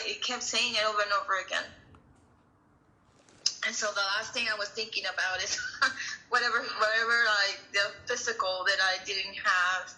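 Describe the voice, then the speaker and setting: Bright-voiced young woman telling her story. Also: medium pitch, poor audio. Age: young adult. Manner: earnest, halting, full of restarts. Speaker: coach sharing her story in a class. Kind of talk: personal testimony.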